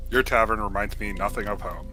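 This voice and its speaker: A man's voice: fairly low pitch, fairly even intonation, fairly quick, music in the background. A man playing his character in a tabletop game, speaking in a playful, mock-formal way. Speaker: player.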